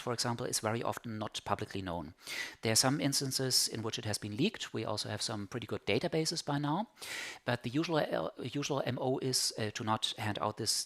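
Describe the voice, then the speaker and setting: A man's voice: mid-range voice, fairly bright tone. A man giving an analytical academic panel talk, with fillers and repeated words. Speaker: conference panelist.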